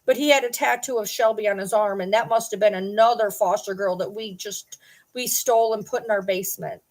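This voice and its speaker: A middle-aged woman runs her own vlog, chatting casually while ranting at viewers with indignant, sarcastic challenges. She speaks fairly quickly at a medium pitch in a steady tone.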